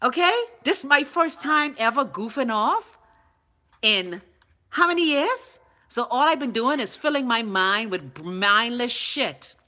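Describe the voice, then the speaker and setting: A woman's voice: on the high side, lively intonation, a little slow, pushed and bright. A middle-aged Bahamian woman co-hosting a show, chatting casually with a sassy, bossy teasing manner. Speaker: radio co-host. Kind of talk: casual chat.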